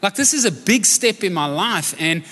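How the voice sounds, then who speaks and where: A high-pitched man preaching live in a church, his voice ringing with a long hall echo. He is from South Africa and talks conversationally, cracking jokes and throwing questions to the congregation. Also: animated, normal speed, sharp tone. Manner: conversational, jokey, asks the audience questions. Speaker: pastor. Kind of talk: sermon with personal stories. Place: church auditorium, live service.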